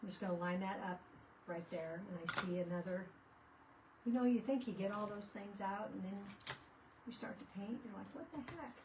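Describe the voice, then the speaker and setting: A woman's voice: medium pitch, fairly even intonation, normal speed, background noise. Chatty woman talking from a distance. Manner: rambling, chatty, with frequent restarts. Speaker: craft vlogger. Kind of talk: casual chat while crafting. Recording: voice picked up from a distance.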